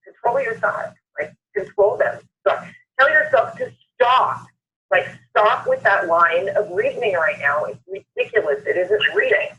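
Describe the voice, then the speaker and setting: A woman's voice: medium pitch, sing-song, a little slow, sharp tone, a little hiss or hum. A woman hosting a motivational conference call, upbeat and emphatic, repeating phrases for effect. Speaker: call host. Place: Southern California. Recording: muffled phone-line call recording.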